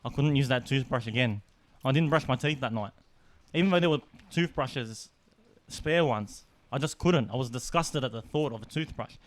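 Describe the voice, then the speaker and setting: A young man co-hosting a casual podcast, telling animated stories and laughing often. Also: mid-range voice, moderate pace, dry recording. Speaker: podcast co-host. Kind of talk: casual storytelling chat.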